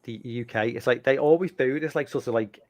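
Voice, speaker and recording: A man's voice: mid-range voice, fairly quick, darkish tone, dry recording. A man with an English accent chatting casually on a video call, rambling with many fillers and restarts. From United Kingdom. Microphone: computer mic on a video call.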